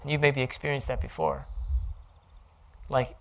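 A man delivers an earnest, reflective sermon, explaining the text line by line. His voice sits at a middle pitch with a noticeable gravelly fry. He talks in a thoughtful teaching tone. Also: level tone, a little slow, fairly bright tone, slight background noise. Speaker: Bible teacher.

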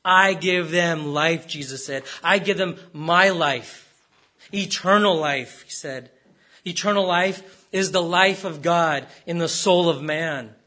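Emphatic preacher with a bright voice. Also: male voice, fairly high pitch. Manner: emphatic preaching with rhetorical questions and repetition. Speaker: pastor. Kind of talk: sermon.

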